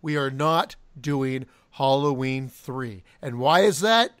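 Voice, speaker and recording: A man co-hosting a podcast in casual chat, teasing the others with quick quips. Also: mid-range voice, animated, a bit bright, clean tone. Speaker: podcast co-host.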